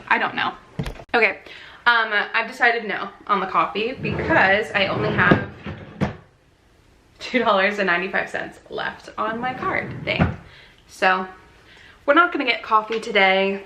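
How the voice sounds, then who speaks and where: Chatty young woman with a gravelly edge. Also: medium pitch, measured pace, long pauses, background noise. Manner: chatty, rambling, upbeat with laughs. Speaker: law student vlogger. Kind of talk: casual vlog chat. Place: out and about, car and campus.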